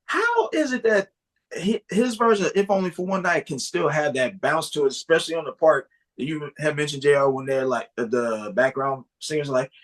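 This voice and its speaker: A man's voice: fairly high pitch, a little fast. A man co-hosting a casual music podcast, talking in a thoughtful, hesitant way with lots of filler words. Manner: thoughtful, hesitant, full of "like" and "you know". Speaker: podcast co-host.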